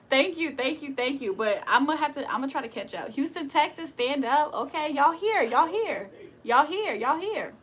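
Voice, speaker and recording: A woman's voice: high voice, lively intonation, unhurried. A woman hosting a casual livestream, reading chat aloud, playful and profane, laughing often and teasing viewers in a mock-preacher tone. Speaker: livestream host.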